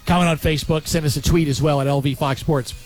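A man in his fifties from Pennsylvania with a notably high voice, hosting a sports radio show. He tells stories in a casual, animated way, tossing in quick asides. Faint music plays softly behind him. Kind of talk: casual sports talk storytelling.

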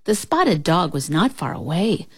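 A woman reads a children's storybook aloud, expressive and lively. Her voice sits a little low but leaps around with lots of movement. The recording is close and dry. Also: a little slow, husky, no room sound.

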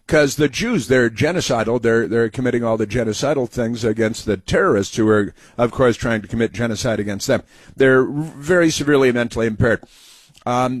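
A man's voice: medium pitch, moderate pace, no room sound. A man hosting a political commentary monologue in a sarcastic, mocking manner.

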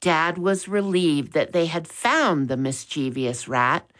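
A woman reads a children's storybook aloud in a gentle, expressive way. Her pitch rises and falls a great deal, and she takes her time. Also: takes it slowly. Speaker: narrator. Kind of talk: storybook reading.

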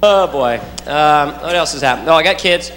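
A man doing stand-up comedy, rambling and acting out his kids with loud noises. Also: fairly high pitch, animated, a little fast. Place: club or hall with loud audience. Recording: roomy hall, loud crowd and noise.

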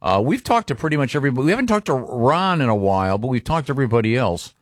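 A man's voice: mid-range voice, very animated, rapid-fire, dry recording, clean studio sound. A man hosting a radio show, interviewing a guest in a chatty way with frequent restarts. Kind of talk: interview chat.

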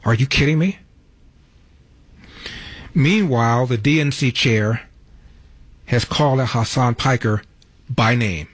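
Husky-voiced male talk radio host. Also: medium pitch, slow pace, pauses often, no echo. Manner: emphatic, sarcastic asides. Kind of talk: opinionated talk radio monologue. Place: radio studio.

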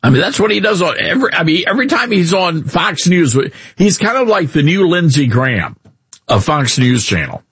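A man's voice: on the high side, sing-song, normal speed, a bit bright, husky, no echo. A man with a Southern US accent hosting a talk radio show, ranting sarcastically in an opinionated monologue.

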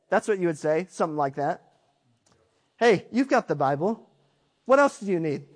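High-pitched emphatic male preacher. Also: very animated, normal speed, pauses often. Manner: emphatic, rhetorical questions. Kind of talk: sermon.

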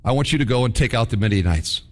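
A man's voice: medium pitch, expressive, fast, in a large hall, pitched below the performer's own voice, lightly acted. A man voicing a firm, commanding divine figure giving orders.

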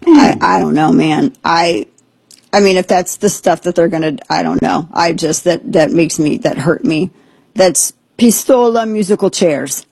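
A woman hosting a talk radio show, reacting to a clip with incredulous jokes and quick asides. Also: fairly low pitch, creaky, a little mellow, husky, dry recording. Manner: incredulous, joking, rapid asides. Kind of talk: casual talk show banter.

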